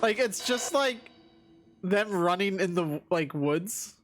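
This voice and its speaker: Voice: mid-range voice, lively intonation, slow pace, fairly bright tone, slight background noise. A young adult streamer giving casual let's-play commentary, rambling and full of filler words. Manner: rambling, laughing, heavy use of filler words.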